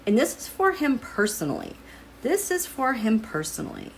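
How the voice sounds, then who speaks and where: A woman's voice: on the high side, wildly swooping pitch, moderate pace, slight background noise. A woman giving a casual tarot and astrology reading to her viewers, musing aloud as she turns over cards. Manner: musing, thinking aloud while drawing cards.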